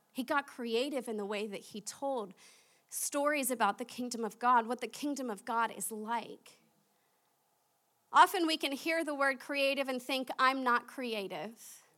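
A young woman with a lilt delivers a sermon in an animated, conversational way. Her voice sits high and sounds bright and forward. She laughs at herself as she tells her stories. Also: a little slow. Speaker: preacher.

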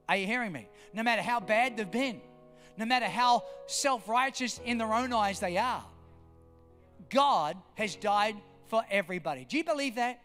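A man's voice: high voice, sharp tone. A man preaching a sermon, emphatic and repetitive, firing questions at his congregation. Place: church hall. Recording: long hall reverb, faint music.

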